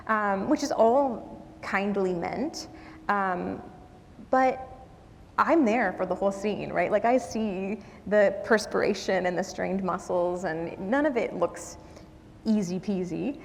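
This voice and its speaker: Woman guest speaker, easygoing storyteller with ums and asides, mid pitch, hall reverb. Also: moderate pace. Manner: conversational, self-deprecating with frequent ums and asides. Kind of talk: storytelling talk.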